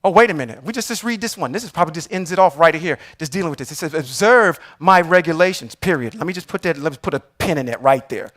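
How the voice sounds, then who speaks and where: Male livestream Bible teacher, higher voice, slow emphatic verse reading, conversational asides. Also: expressive, a bit bright. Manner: reads verses slowly and emphatically, then comments with rhetorical questions; often checks in with "okay?". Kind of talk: reading and teaching scripture on a live stream.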